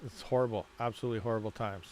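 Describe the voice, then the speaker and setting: A man's voice: lowish voice, steady tone, very fast, darkish tone, a little hiss or hum. A man hosting a livestream, rambling casually, laughing a lot and muttering while he fiddles with settings. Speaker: mining livestream host.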